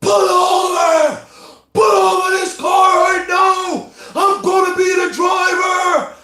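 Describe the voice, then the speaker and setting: A man voicing an angry, demanding inner-child voice that yells orders and intimidates. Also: very high voice, little pitch movement, moderate pace, some chatter behind, voice pushed up. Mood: furious yelling. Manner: yelling, bossy, intimidating. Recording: roomy echo.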